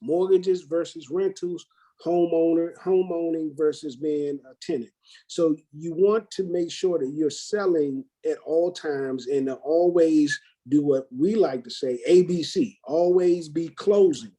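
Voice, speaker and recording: A man's voice: a little high, measured pace, mellow, rough recording. A man hosting a talk for real estate agents, coaching them in an emphatic, salesy way and acting out his own conversations. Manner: emphatic, sales-pep, acts out his own quoted lines. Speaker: brokerage host training agents.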